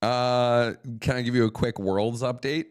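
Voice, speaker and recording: A man's voice: medium pitch, fairly even intonation, measured pace, clean tone. A man co-hosting a casual sports talk show, making dry, wry remarks between hesitant fillers. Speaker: co-host.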